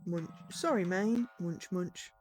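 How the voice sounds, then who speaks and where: A woman voicing a lazy, rude spirit thief in a game, speaking in a low, insolent drawl. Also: slow, darkish tone, soft background music.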